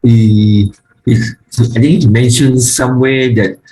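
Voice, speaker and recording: A man teaching a grammar lesson, speaking haltingly with frequent fillers and restarts, and slowly reciting word forms one by one. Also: mid-range voice, fairly even intonation, mellow, low-quality recording. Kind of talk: online Hebrew grammar lesson.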